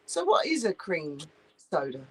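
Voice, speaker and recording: Blunt, sweary woman with a lively voice. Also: mid-range voice, husky, poor audio. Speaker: co-host. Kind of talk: casual chat.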